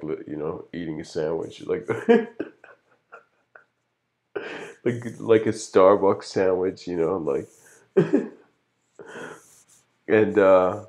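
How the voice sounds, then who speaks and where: A man's voice: deep voice, vocal fry, darkish tone. A man giving a casual livestreamed lecture, rambling and reflective, full of "you know" fillers. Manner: reflective, philosophical musing.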